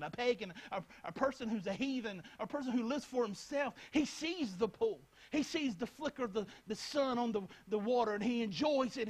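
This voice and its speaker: High-voiced earnest male preacher. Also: rough recording. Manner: earnest, repetitive, addresses listeners directly. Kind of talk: Bible teaching talk.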